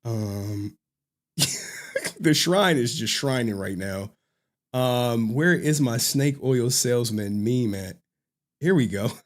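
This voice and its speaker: A man's voice: mid-range voice, lively intonation, takes it slowly, pauses often. A man hosting a live stream, rambling casually, laughing often and groping for words. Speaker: livestream host.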